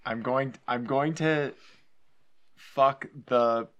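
A man co-hosting a casual car podcast, joking around and laughing often, talking in quick bursts. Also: mid-range voice, steady tone, fairly bright tone, muffled recording. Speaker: podcast co-host. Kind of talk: casual chat.

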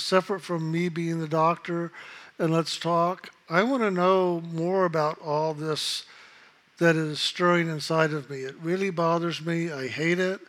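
A man calmly telling a personal story in a reflective, unhurried way, acting out the voices of others in it. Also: fairly high pitch. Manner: calm, unhurried, reflective, acts out quoted voices. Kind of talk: casual spoken storytelling.

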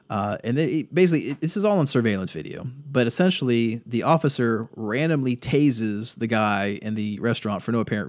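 A man's voice: mid-range voice, no echo, clean studio sound. A man hosting a podcast, giving sardonic, profane commentary on news stories and reading quotes aloud. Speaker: podcast host.

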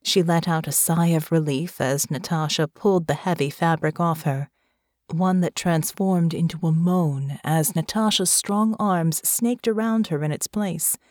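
A woman narrating a story with a slow, measured reading. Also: deep voice, darkish tone, dry recording, studio quality. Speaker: audiobook narrator. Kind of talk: scripted narration.

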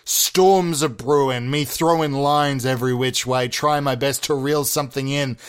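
A young man improvising as an earnest, melodramatic fisherman obsessed with catching the big one, rambling and deadpan with sudden overblown outbursts. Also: mid-range voice, moderate pace, clean tone, lightly acted. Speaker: podcast host. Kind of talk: improvised comedy monologue.

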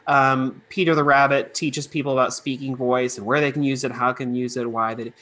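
A man's voice: medium pitch, fairly even intonation, fairly quick, fairly bright tone, a little hiss or hum. A man chatting as a guest teacher, enthusiastic and rambling with lots of fillers. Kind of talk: casual chat.

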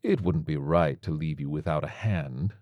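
A man doing a calm, clinical tiger surgeon. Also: very deep voice, moderate pace, dry recording, highs cut off, voice pushed down. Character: calm male tiger surgeon, large, gently matter-of-fact.

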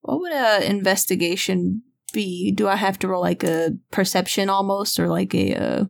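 A woman playing a tabletop role-playing game, thinking aloud with laughs and halting restarts. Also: medium pitch, vocal fry. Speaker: player. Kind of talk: casual tabletop role-play chat.

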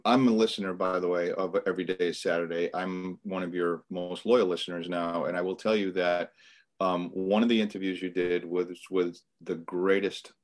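A middle-aged man with a Boston accent speaks in a very low voice as a guest on a podcast interview. He talks earnestly and motivationally, and he often repeats a word or two as he starts a thought. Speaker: business coach guest.

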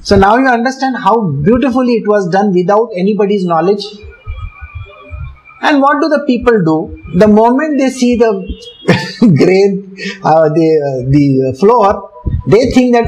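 A man's voice: high voice, animated, a little slow, darkish tone, low-quality recording. A man with an Indian English accent, telling a devotional story and patiently explaining its terms, often chuckling as he talks. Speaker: teacher explaining a devotional book.

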